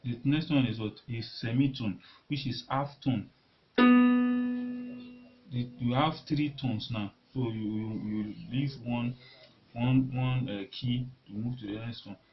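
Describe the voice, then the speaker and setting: A man teaching a beginner piano lesson, talking in a halting way and repeating words as he demonstrates at the keyboard. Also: mid-range voice, fairly even intonation. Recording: lo-fi recording with loud piano. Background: piano notes being played.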